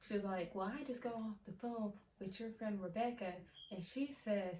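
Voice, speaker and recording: A woman's voice: medium pitch, moderate pace, dark tone, recorded from a distance. A teenage girl telling a casual storytime, chatty and full of fillers. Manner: chatty, many fillers, laughs often. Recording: echoey room, mic set back, faint hiss.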